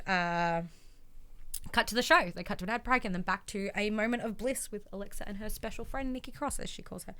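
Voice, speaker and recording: A woman's voice: mid-range voice, sharp tone, smooth. A woman chatting casually as a podcast co-host, rambling along with lots of fillers. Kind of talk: casual chat recapping wrestling.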